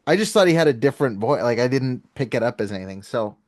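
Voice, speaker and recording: A man's voice: medium pitch, lively intonation, quick pace, darkish tone, dry recording, studio quality. Chatty, joking man from California. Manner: chatty, self-deprecating, jokes and tells side stories. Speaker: podcast guest, fellow podcaster. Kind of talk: casual podcast conversation.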